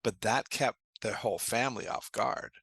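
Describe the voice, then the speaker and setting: A man's voice: mid-range voice, steady tone, moderate pace, gravelly, fairly bright tone, husky, no room sound. A man being interviewed as a trauma therapist, explaining earnestly and telling anecdotes in a conversational way.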